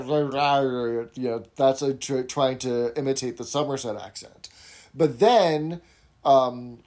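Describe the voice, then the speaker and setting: A man's voice: medium pitch, a little mellow. Man explaining, often asking "right?". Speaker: co-host. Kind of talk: casual chat explaining culture.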